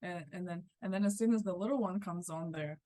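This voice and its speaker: A middle-aged woman guest sharing a thoughtful, measured observation in a casual chat, with playful touches. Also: on the low side, warm tone, no echo.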